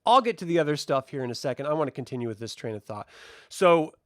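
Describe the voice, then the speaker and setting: Sarcastic, animated, high-voiced man ranting. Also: fast talker, dry recording, clean studio sound. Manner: sarcastic, profane, exasperated. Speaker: video reviewer. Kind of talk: casual ranting review.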